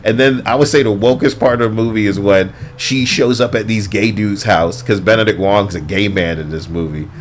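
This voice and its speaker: A man's voice: fairly low pitch, fairly quick, few pauses, a little hiss or hum. A man giving a heated, profane, sarcastic movie review as a ranting vlogger.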